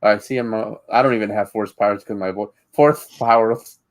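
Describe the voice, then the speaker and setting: A man's voice: fairly low pitch, steady tone, fast talker, no echo. A man co-hosting a casual live-streamed chat, rambling, restarting his sentences and laughing easily. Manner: rambling, repeats words when starting sentences, laughs easily. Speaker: co-host of a live-streamed podcast.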